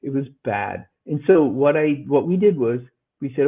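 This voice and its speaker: This middle-aged podcast guest sounds slightly rough, speaking at medium pitch and normal speed with lively intonation. He earnestly recounts a difficult story, raising his voice to act out other people's dialogue, all over a phone-like audio line.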